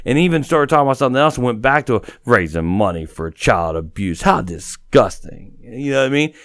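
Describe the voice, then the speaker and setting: A man telling a story as a podcast guest in casual, animated chat, swearing often and repeating "you know what I mean". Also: mid-range voice, fairly quick, no room sound, clean studio sound.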